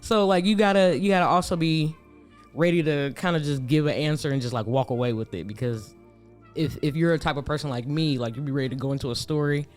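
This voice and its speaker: A young man from Gary, Indiana, co-hosting a podcast in casual chat, animated and quick to laugh as he acts out other people. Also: fairly high pitch, faint music behind. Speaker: podcast co-host.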